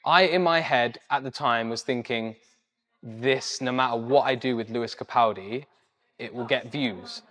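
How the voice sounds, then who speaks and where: A young man, a social media creator and podcast guest, telling a story in a casual, animated way, jumping up in pitch when he acts out what people said. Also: moderate pace. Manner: animated, acts out quoted voices with sudden pitch jumps.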